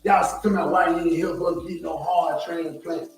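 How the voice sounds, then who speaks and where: A man's voice: a little high, level tone, moderate pace, recorded from a distance. Heated, profane Southern man ranting. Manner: profane, heated, repeats himself. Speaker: streamer. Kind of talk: ranting live stream. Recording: echoey room, from off mic, faint music.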